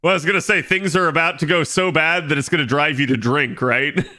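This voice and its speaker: Casual streamer guy with a bright, forceful voice who rambles loosely and thinks out loud. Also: on the high side, fairly quick. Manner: rambling, thinks aloud with many fillers. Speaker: game streamer chatting with viewers. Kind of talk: casual live-stream chat.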